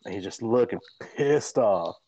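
A man's voice: fairly low pitch, a little slow, gravelly, dry recording, rough recording. A man, a podcast host and fighter, telling a rambling, profane story in a casual chat. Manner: animated, profane, rambling anecdotes.

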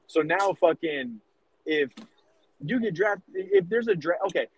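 A man's voice: on the high side, wildly swooping pitch, a little slow, gravelly, husky, low-quality recording. A man in his thirties from the United States co-hosting a podcast, rambling and cursing as he argues his point. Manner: profane, rambling, emphatic. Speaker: podcast co-host. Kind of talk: casual podcast debate.

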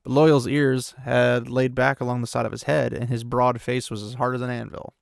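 A young man's mid-range, creaky voice keeps a level tone at a moderate pace as he casually recaps a book chapter for his podcast. He's chatty, reads quotes aloud, paraphrases characters with "he's like," and laughs when he corrects himself. It's a dry recording with clean studio sound.

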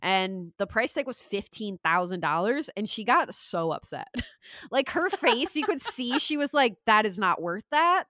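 A woman's voice: a little high, sing-song, unhurried, fairly bright tone, no room sound, studio quality. A woman co-hosting a podcast in casual chat, telling stories chattily and laughing often. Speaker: podcast co-host.

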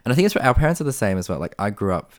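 A young Australian man chatting as a podcast co-host, animated and acting out the voices in his stories. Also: fairly low pitch, rapid-fire, no echo, studio quality. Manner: animated storyteller, acts out quoted voices. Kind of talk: casual chat.

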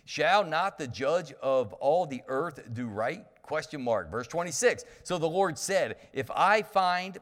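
A male pastor reads scripture and then preaches on it in a loose, folksy manner, often restarting his sentences. His voice sits a little high for a man. A long reverb trails behind him, as in a church hall. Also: animated, unhurried, hardly any pauses, fairly bright tone. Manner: folksy, conversational, frequent restarts. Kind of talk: sermon with scripture reading.

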